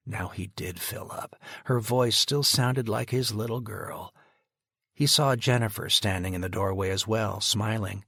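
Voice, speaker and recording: A man narrating an audiobook in a steady, even storytelling manner. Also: on the low side, normal speed, vocal fry, no echo, studio quality. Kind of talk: scripted narration.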